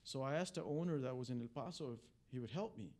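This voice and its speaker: A man's voice: mid-range voice, expressive, fast talker, a little mellow. A man who is an immigration attorney, briefing reporters in a conversational storytelling way, full of fillers and restarts. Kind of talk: press briefing talk. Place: press club briefing room.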